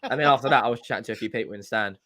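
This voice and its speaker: A young man co-hosting a football fan livestream, telling animated, jokey stories in casual chat. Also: mid-range voice. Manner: animated storyteller, jokey, quick restarts.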